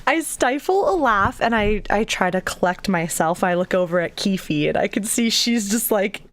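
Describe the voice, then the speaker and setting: A woman playing a tabletop role-playing game, lively, often speaking as her character. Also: medium pitch, normal speed. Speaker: player. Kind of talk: casual in-character play.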